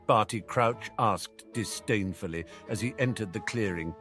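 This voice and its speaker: Man narrating a story, low voice. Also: normal speed, few pauses, fairly bright tone, soft background music. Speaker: audiobook reader. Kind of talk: fan fiction audiobook narration.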